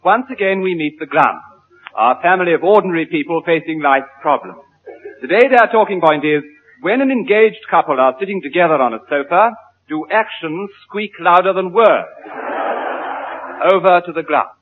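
A man announcing a radio comedy sketch in a brisk, mock-solemn manner. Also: a little high, lively intonation. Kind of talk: scripted comedy introduction. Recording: tinny old radio broadcast with hiss.

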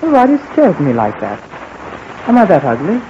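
A man's voice: a little high, huge pitch swings, fairly quick. A man playing a young pilot hero who puts on a jaunty, clipped British manner with slang like jolly and old chap, in 1940s radio acting style. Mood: teasing. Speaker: radio drama lead. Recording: muffled old radio recording with faint hiss.

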